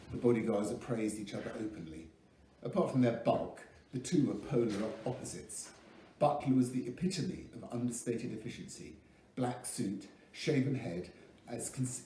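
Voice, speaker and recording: A man reading a novel aloud with lively expression. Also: medium pitch, a little hiss or hum. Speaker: audiobook reader. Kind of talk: scripted narration. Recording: echoey room, mic at a distance.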